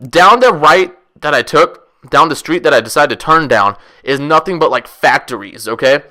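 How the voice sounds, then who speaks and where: Excitable, profane young man telling a story. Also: on the high side, moderate pace. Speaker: vlogger. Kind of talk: casual storytelling.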